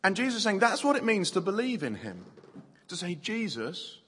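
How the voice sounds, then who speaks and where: A man's voice: high voice, big pitch swings, moderate pace, a bit bright, a little hiss or hum. A man preaching a playful sermon to a family audience, using props and repeating words as he talks. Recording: long hall reverb.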